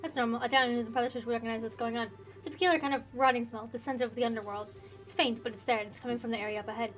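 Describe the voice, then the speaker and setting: A woman's voice: fairly high pitch, fairly even intonation, racing, natural voice. A woman reading the lines of a serious young male priest warrior from a game, with faint game music behind. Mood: grave. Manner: serious, warning.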